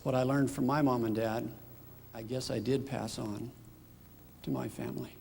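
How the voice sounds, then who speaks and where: A man's voice: medium pitch, steady tone, moderate pace, vocal fry, darkish tone, husky. A middle-aged man giving a personal testimony at church, telling a story and acting out remembered dialogue. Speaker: father giving a church talk. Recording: reverberant church hall.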